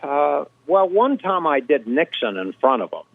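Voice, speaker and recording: A man's voice: fairly high pitch, normal speed, vocal fry, no echo. Older man, from Canada, storyteller, rambling fillers, tinny phone-like sound. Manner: anecdotal, relaxed storyteller with many fillers. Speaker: guest impressionist. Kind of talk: storytelling interview. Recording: dry tinny phone-like line.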